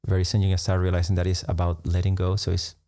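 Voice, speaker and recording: Low gravelly man, musing meditation talk. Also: completely flat delivery, no room sound, studio quality. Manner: unhurried, musing, laughs softly between thoughts. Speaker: meditation teacher. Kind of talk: reflective live-stream talk.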